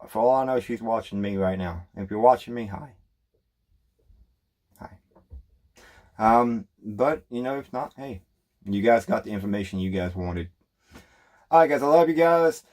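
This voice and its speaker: A man talking casually to his viewers in a vlog, rambling with many fillers and restarts. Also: lowish voice. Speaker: YouTuber. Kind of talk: casual vlog talk to camera.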